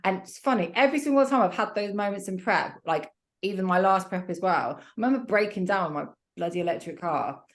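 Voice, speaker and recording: A woman's voice: medium pitch, lively intonation, fairly quick. A young woman guesting on a podcast, chatting casually and acting out her own asides with self-mocking humour. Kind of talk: casual interview chat.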